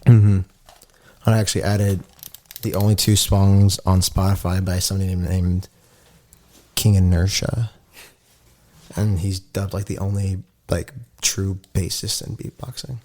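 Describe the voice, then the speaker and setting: A man's voice: deep voice, flat delivery, unhurried, pauses often, mellow. A young man, a podcast guest, chatting casually and telling rambling stories full of fillers. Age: young adult. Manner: rambling, filler-heavy storytelling. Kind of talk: casual chat.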